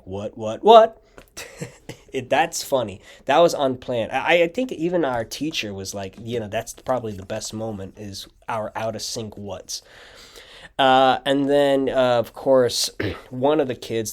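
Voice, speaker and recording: Rambling young man giving commentary. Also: mid-range voice. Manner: rambling, filler-heavy storytelling with frequent "like" and restarts. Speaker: channel creator giving audio commentary. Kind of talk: casual audio commentary.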